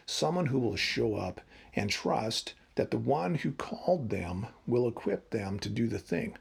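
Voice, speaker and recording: A man's voice: medium pitch, creaky, a little mellow, breathy edge. A man in his fifties giving a wry, conversational devotional talk as a preacher. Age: 50s.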